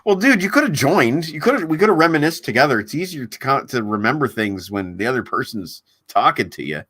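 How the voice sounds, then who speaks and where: A man hosting a casual livestream, rambling with halting restarts and reading viewer comments aloud. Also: mid-range voice, big pitch swings, pushed and bright, slightly rough, no echo. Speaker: livestream host. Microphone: desk mic on a laptop stream.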